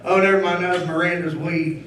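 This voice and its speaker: Brash stand-up, high and lively, recorded roomy and off-mic. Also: male voice, a little fast, heavy background noise. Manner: loud, rowdy, crowd-baiting, crude. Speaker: stand-up comedian. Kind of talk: stand-up comedy set. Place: comedy club stage. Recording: roomy club sound from a distance.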